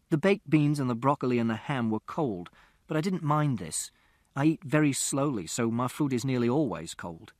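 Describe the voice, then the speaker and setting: A man's voice: mid-range voice, lively intonation, normal speed, no room sound, clean studio sound. A man narrating a first-person audiobook in a literal, precise, matter-of-fact way.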